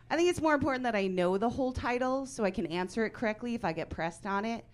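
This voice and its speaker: A woman in her forties performing a stand-up comedy set on a club stage, deadpan with sudden loud punchlines. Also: a little high, fast talker, hardly any pauses.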